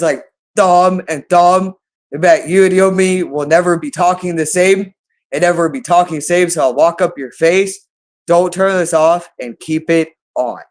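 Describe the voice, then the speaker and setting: Agitated man repeating himself, slightly high. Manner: agitated, accusatory, repeats phrases over and over. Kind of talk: rambling monologue to viewers.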